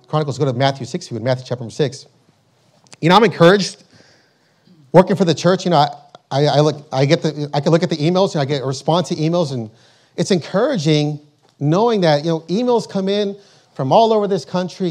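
A man preaching a sermon, emphatic and repetitive, slowing down to read scripture aloud. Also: a little high, a little mellow.

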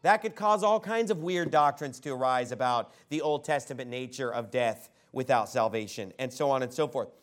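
A man preaching a fiery sermon as a pastor in a church, breaking into sudden shouts. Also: mid-range voice, normal speed, few pauses.

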